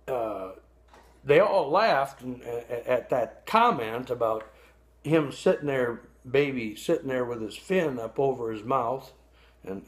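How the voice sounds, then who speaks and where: A man telling a folksy story, pausing to ask his listeners questions and explain things along the way. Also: medium pitch. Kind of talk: storytelling for an audience.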